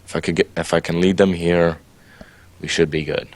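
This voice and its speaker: A man's voice: deep voice, fairly even intonation, moderate pace. A man speaking as a player in a tabletop game, eagerly describing what his character does.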